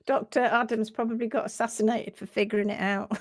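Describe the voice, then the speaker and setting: Animated Bristolian woman spinning rambling stories. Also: fairly high pitch, fast talker, no echo, clean studio sound. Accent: Bristolian English. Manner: animated, rambling storyteller who breaks off and restarts mid-sentence; blunt and salty, drops mild swearing. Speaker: hoof care educator hosting a live session. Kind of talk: casual live-stream chat.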